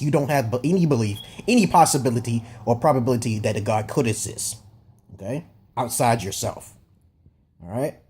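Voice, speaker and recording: A man's voice: mid-range voice, dark tone, slightly rough. A man giving a rambling, profane opinion monologue as a vlogger, emphatic and often checking "okay?" with his listeners. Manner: repeats and restarts phrases.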